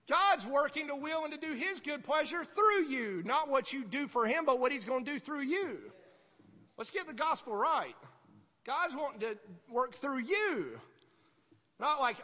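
A man preaching a sermon as pastor, conversational and animated, acting out voices in his stories. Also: very high-pitched, normal speed, long reverb tail.

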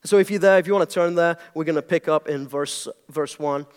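A man's voice: on the high side, a little fast, clear, resonant tone. A young British man preaching a sermon to his congregation in a chatty, joking way. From Britain. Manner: conversational and jokey, leaning into his words. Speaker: pastor. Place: church hall before a congregation.

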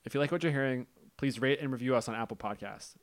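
A man's voice: mid-range voice, fast talker. A man co-hosting a casual film podcast, tossing out dry wisecracks. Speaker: podcast co-host.

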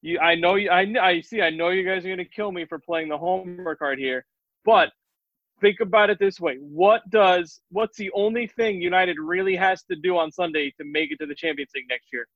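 A man with a fairly high voice chats about football on a dull, lo-fi recording with no room sound at all. He argues his picks insistently and explains them in detail. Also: brisk, no room sound. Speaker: podcast co-host. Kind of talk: casual sports chat. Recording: dry, muffled lo-fi sound.

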